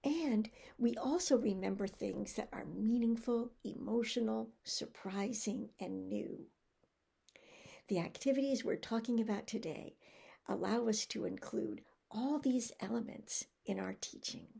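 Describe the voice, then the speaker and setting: A middle-aged woman giving a recorded teacher-training presentation, speaking slowly and deliberately in a teacherly way. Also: fairly high pitch, creaky, dark tone, breathy edge. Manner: slow, deliberate teacherly delivery with acted drill examples.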